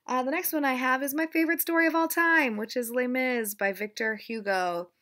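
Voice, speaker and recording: A woman's voice: high voice, fairly even intonation, brisk, bright, forceful tone. A young woman casually chatting about her reading, rambling and self-deprecating. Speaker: book vlogger. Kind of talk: casual chat.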